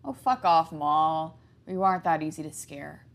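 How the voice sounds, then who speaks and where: A woman's voice: deep voice, lively intonation, moderate pace. A woman voicing a brash teenage boy who scoffs and mocks his friends in a horror story. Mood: mocking. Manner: scoffing, mocking, cackling.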